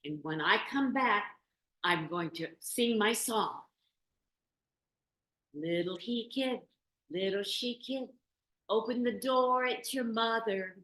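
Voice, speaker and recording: A woman's voice: on the high side, slow pace, pauses often, voice pushed up. A woman playing a caring mother nanny goat. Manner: gentle, sing-song warnings. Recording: roomy meeting-room recording.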